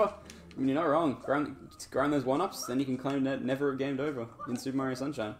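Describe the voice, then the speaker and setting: A gaming streamer talks with viewers during live gameplay, relaxed and often laughing or humming along to the game music behind him. His voice is medium-pitched and fairly even, and he speaks a little fast.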